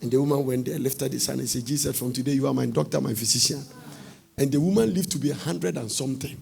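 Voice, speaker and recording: A man with a Ghanaian accent preaching a sermon with fervor, shouting and half-singing his lines and swinging his pitch widely. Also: quick pace, vocal fry, slightly rough. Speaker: prophet preaching.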